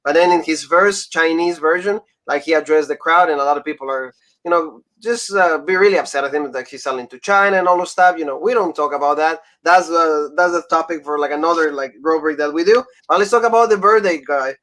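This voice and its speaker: Male wrestling-chat host, slightly raised pitch, loose filler-heavy delivery. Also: fairly quick, a bit bright. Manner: loose, lots of "like" and "you know", laughs between points. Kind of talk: casual chat.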